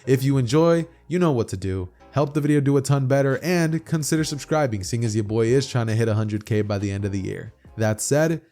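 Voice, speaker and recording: Young man, casual chatty story narration, mellow voice, faint music. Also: mid-range voice, a little fast, few pauses.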